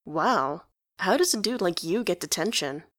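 A woman's voice: lowish voice, animated, moderate pace, fairly bright tone, no echo, studio quality. A woman voicing a blunt, nosy twelve-year-old boy who fires off brash, teasing questions in a storybook reading. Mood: cheeky.

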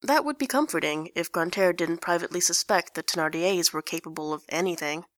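A woman reading fiction aloud in an even, plain storytelling manner. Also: fairly low pitch, a little fast, no echo, studio quality. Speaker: narrator.

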